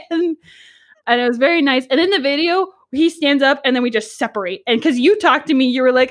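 A young woman in her twenties chatting on a podcast, her voice sitting a little high. She tells a story in an animated, giggly way, full of "like" and quick asides. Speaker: podcast co-host. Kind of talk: casual chat, storytelling.

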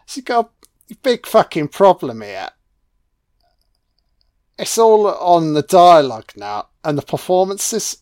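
British guy, film commentary, slow drawl, foul-mouthed sarcasm, dry close sound. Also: high-pitched, very animated, a little mellow, no room sound. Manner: sarcastic, heavily profane mockery. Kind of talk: audio commentary, riffing on a film.

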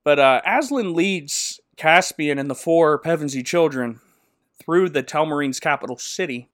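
A man's voice: a little high, animated, normal speed, a bit bright, no room sound, clean studio sound. A man giving a jokey, slangy recap of a movie plot, laughing often. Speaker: podcast host.

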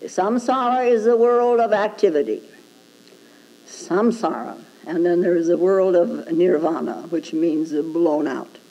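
A woman's voice: on the low side, measured pace, mellow, lo-fi sound. A woman Zen teacher giving a dharma talk, prodding her listeners with rhetorical "hmm?" questions and chuckling at her own points.

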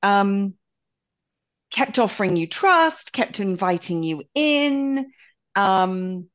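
A woman co-hosting a podcast who asks curious questions and teases gently. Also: mid-range voice, expressive, takes it slowly, highs cut off. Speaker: podcast co-host. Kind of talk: podcast conversation.

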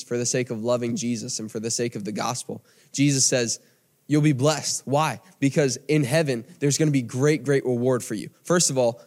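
An American man preaching a podcast sermon in an earnest way, often repeating phrases and restarting sentences. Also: mid-range voice. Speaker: pastor.

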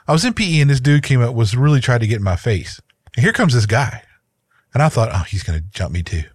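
A man's voice: medium pitch, expressive, fast talker, no room sound. A man in his thirties, a podcast co-host, chatting casually and telling a personal story in a rambling way, with many restarts. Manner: rambling, with frequent restarts and repeated words.

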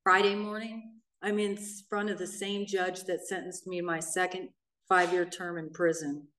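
A woman's voice: fairly low pitch, normal speed, a little hiss or hum. Woman telling her recovery story, roomy. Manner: animated, acts out quoted voices, blunt. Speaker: main speaker at a recovery meeting. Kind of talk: personal recovery story told to a meeting. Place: meeting room in a church. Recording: roomy sound, mic at a distance.

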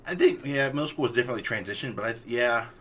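A man's voice: medium pitch, very fast, a bit bright, slight background noise. A young man co-hosting a podcast in casual chat, joking, laughing easily and chiming in with memories. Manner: jokey, laughs easily, chimes in. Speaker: podcast co-host.

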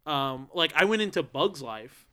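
A young man co-hosting a podcast in casual chat, an animated storyteller who swears freely and acts out quotes loudly. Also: a little high, a little slow, smooth. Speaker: podcast co-host.

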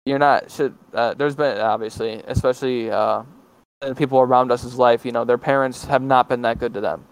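A man's voice: mid-range voice, steady tone, moderate pace, clear, resonant tone, rough recording. A young man of nineteen chatting casually as a podcast guest, hesitant and full of fillers and restarts. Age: teens. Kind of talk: casual chat.

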